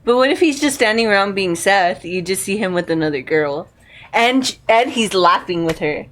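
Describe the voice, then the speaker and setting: A woman's voice: mid-range voice, animated, moderate pace, fairly bright tone, slight background noise. Laughing woman podcast host. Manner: laughs often, poses hypothetical questions. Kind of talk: casual chat.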